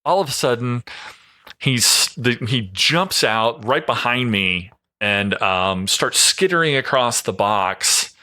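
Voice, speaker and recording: A man's voice: mid-range voice, lively intonation, slow pace, sharp tone, no room sound. A man, a podcast guest who runs a home cleanout business, telling casual stories full of fillers and acting out what people said. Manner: rambling anecdotes full of fillers, acting out quoted voices.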